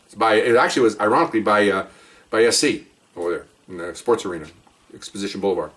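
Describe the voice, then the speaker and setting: A man's voice: on the low side, fast, fairly bright tone, far from the mic. A middle-aged man who is a police officer, telling his own stories in a rambling, chatty way full of asides. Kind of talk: casual spoken storytelling.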